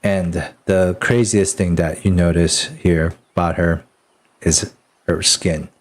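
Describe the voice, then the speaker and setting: Male game master, low-ish voice, slow unhurried delivery, loose rambling narration full of ums and restarts. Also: steady tone.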